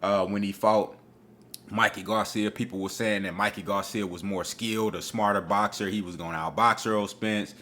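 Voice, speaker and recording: Bright-voiced man giving boxing takes. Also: lowish voice, moderate pace, a little hiss or hum. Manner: profane, animated, street slang. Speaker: boxing commentator. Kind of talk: casual opinion monologue.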